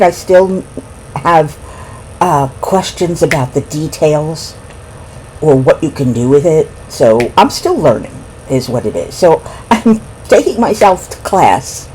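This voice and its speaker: Eating breakfast at home, a middle-aged woman who vlogs about crafts rambles in casual chat, laughing between words and speaking with food in her mouth. Her low, warm voice comes through a rough recording with slight hiss or hum.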